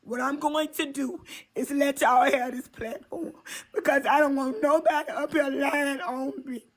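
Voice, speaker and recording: A woman's voice: high voice, steady tone, measured pace. A woman calling in to a talk show, upset and insistent, holding back tears as she defends herself. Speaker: caller. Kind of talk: heated call-in complaint.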